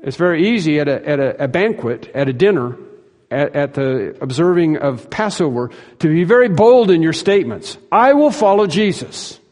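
Emphatic preacher in a reverberant hall. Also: male voice, on the high side, lively intonation, normal speed, darkish tone. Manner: emphatic, repeats phrases for stress, acts out quoted lines. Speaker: pastor. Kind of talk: sermon.

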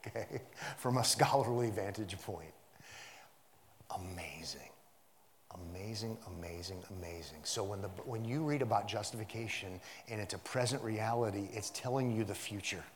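A man preaching an expository sermon, swinging from hushed asides to loud emphatic repetition and rhetorical questions. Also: on the low side, moderate pace, a little hiss or hum. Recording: long hall reverb.

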